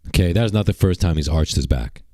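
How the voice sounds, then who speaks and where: A man's voice: low-pitched, animated, fast talker, mellow, dry recording. A man doing mocking livestream reaction commentary, rambling and sarcastic, repeating rhetorical questions.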